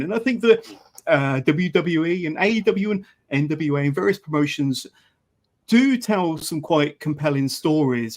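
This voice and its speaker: A man hosting a podcast interview, relaxed and hesitant, with many filler sounds. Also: on the high side. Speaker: podcast host. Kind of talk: casual interview.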